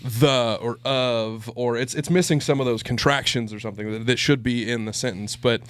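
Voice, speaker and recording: A man co-hosting a podcast, telling an animated story in casual chat and breaking into shrill impressions of a toddler. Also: normal speed, clean tone. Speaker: podcast co-host.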